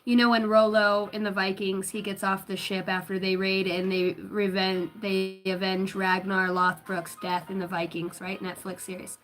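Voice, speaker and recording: A woman who works as a tarot reader and medium, rambling through a casual livestream chat with lively storytelling and frequent swearing. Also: mid-range voice, normal speed, hardly any pauses, rough recording.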